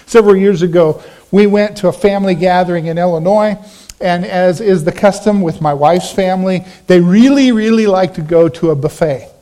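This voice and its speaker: A middle-aged man delivers a sermon in a fairly high voice, weaving a personal story into the message. He acts out the voices of the people he describes, with lively shifts in tone. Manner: animated storytelling, acting out quoted voices. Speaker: pastor.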